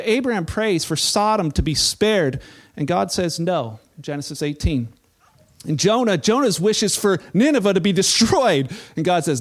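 A middle-aged pastor preaches in a high voice, talking to his church like a conversation. He slips playfully into the voices of the people he quotes. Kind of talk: sermon.

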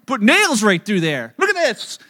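A preacher voicing a playful risen Jesus. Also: male voice, high voice, wildly swooping pitch, normal speed, bright, forceful tone, exaggerated voice. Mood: teasing. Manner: playful, reassuring. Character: calm teasing risen Jesus, male. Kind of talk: sermon.

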